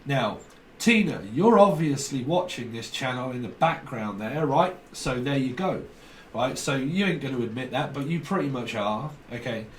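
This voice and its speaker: A man in an echoey room, set back from the microphone, talks through a tarot reading in a loose, rambling way. He free-associates from word to word, repeats himself and circles back, at an average male pitch. A faint hum of background noise sits under his voice. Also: lively intonation, normal speed. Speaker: tarot reader. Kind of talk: casual spoken tarot reading. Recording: roomy echo, distant mic, faint background noise.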